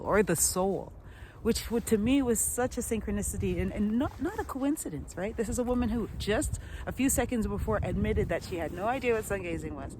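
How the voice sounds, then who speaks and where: A woman's voice: medium pitch, a little hiss or hum, poor audio. A woman, talking in a rambling, chatty vlog monologue outdoors. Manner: warm, chatty, rambling with restarts. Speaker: vlogger.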